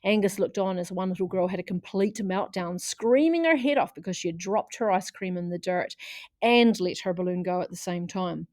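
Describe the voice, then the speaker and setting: A woman reading a children's chapter book aloud in a lively way, putting on voices for the characters. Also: on the low side, moderate pace, dry recording, clean studio sound. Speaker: audiobook reader.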